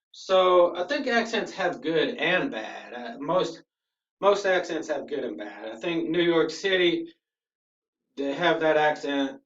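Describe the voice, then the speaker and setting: A man teaching a class, explaining things patiently and often checking in with "okay?". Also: mid-range voice. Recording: echoey room from a distance, dull sound.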